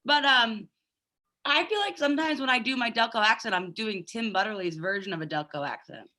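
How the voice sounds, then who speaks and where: Bright-voiced woman chatting casually. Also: a little high, a little fast. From Delaware County, Pennsylvania. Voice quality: swears freely, rambling storyteller. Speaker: podcast host. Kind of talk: casual chat. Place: funeral home office.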